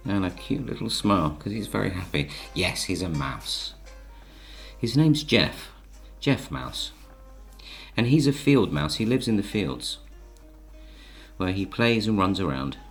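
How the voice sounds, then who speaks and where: A man tells a children's story in a gentle, coaxing way while he sketches the pictures. His voice is deep and unhurried, and he keeps turning to the listener with little questions. Faint music plays in the background. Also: sing-song, vocal fry. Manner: gentle, coaxing, speaks to the audience. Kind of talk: storybook narration while drawing.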